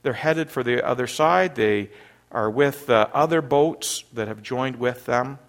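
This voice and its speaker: A middle-aged man from Canada preaching a sermon, an animated storyteller who acts out panicked scenes loudly. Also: medium pitch, measured pace. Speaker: pastor.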